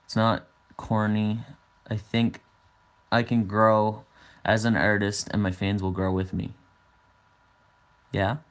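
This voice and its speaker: A man's voice: lowish voice, flat delivery, takes it slowly, pauses often. Chatty young man hosting a livestream. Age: 20s. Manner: chatty, answers viewer comments aloud. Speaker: livestream host. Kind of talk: casual livestream chat.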